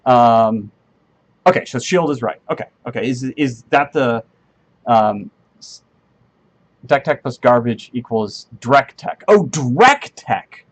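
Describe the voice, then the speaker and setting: This medium-pitched man speaks slowly, with long pauses, while he programs on a live stream. A game engineer, he chats casually and thinks out loud, leaving sentences half-finished and filling gaps with ums as he answers viewers with friendly self-deprecation.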